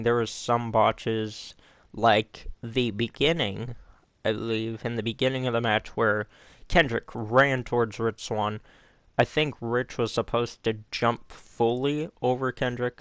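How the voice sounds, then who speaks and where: Slow, rambling man recapping wrestling. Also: mid-range voice, fairly bright tone, smooth, no room sound. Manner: rambling, self-correcting, loose and informal. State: hiccups. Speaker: wrestling show reviewer. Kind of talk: casual recap commentary.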